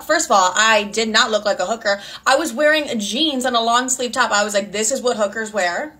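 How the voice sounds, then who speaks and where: A woman's voice: a little high, normal speed, hardly any pauses, sharp tone. Chatty young woman telling a storytime. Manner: chatty, candid and profane, heavy use of "like". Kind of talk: casual storytime.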